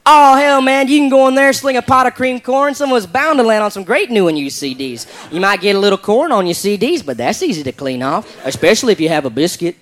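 A man voicing a folksy, cheerfully crude redneck with a slow drawl, low and relaxed. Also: slight background noise.

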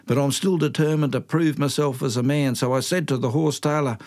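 A man's voice: mid-range voice, steady tone, fairly quick, darkish tone. An older man with an Australian accent tells a story from his youth in a colloquial, self-mocking way. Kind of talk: spoken storytelling.

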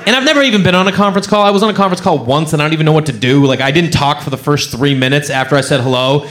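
A man's voice: a little high, racing, noisy background. A man doing stand-up comedy, telling a story in a playful way with lots of asides.

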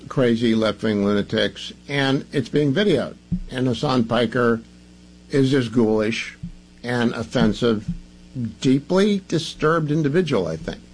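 A male talk radio host with a husky, breathy edge to his voice, speaking at an ordinary pitch. He drives his points home emphatically and combatively, repeating phrases for effect. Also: unhurried, darkish tone, low-quality recording.

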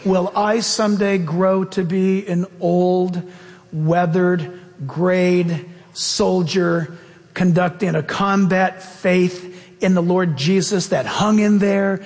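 Man, pastor, sermon, high voice, animated storytelling, reverberant hall. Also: takes it slowly.

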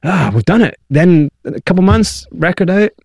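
A man recounting his own past as an interview guest, lively and acting out the people he quotes. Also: high voice, moderate pace, vocal fry, breathy edge, dry recording, studio quality. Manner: animated, acts out quoted voices. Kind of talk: candid storytelling.

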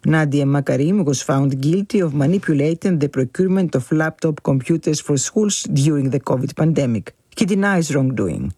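A man reading a scripted international news bulletin in a measured, formal way. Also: on the high side, animated, mellow, slightly rough, no room sound. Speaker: newsreader.

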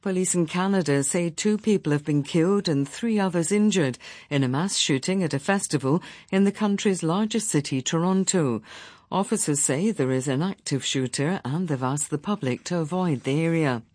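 A female newsreader reading a bulletin in a crisp, formal manner. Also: deep voice, normal speed, darkish tone, no echo.

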